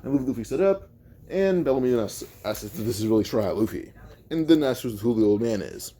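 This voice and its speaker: A man with a dark, mellow tone and a middle-of-the-road pitch tells a fan-made story off the cuff. He rambles and thinks out loud, and often stops to correct himself. The delivery is loose and conversational rather than scripted. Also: expressive, brisk. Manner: rambling, thinks aloud with many self-corrections. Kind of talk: casual improvised retelling.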